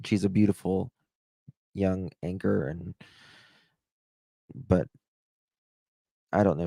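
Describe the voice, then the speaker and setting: A man's voice: low-pitched, gravelly, dark tone, dry recording. A man with a Southern US twang, chatting casually as he comments on a news clip, rambling with asides. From American South. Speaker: true crime commentator.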